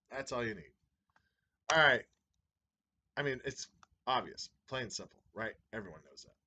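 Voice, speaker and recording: Brief: male league commissioner, mid-range voice, chatty and excitable sports-fan banter. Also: mid-range voice, muffled recording. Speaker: fantasy football league commissioner. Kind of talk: casual video update to league members.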